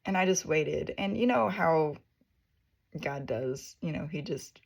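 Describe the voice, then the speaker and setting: Earnest woman with a gravelly low voice. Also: animated, takes it slowly. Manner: earnest, emotional, rambling with many fillers. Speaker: faith testimony vlogger. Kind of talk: personal spiritual testimony.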